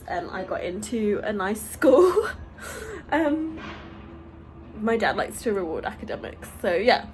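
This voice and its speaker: A woman's voice: fairly high pitch, a little hiss or hum, low-quality recording. A young British woman vlogging at home, telling rambling stories in a chatty way with lots of fillers. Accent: British English. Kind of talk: casual chat vlog. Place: home, on a balcony.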